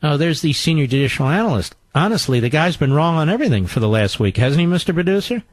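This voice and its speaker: A man's voice: a little high, very animated, fast talker, no echo. A man hosting a talk show, delivering a combative political monologue with sarcastic, mocking asides.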